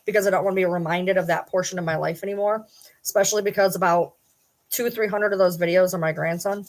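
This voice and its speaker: With a lowish voice and steady tone, a middle-aged woman talks fast on her own vlog. Her casual address to viewers turns into an indignant, sarcastic, challenging rant.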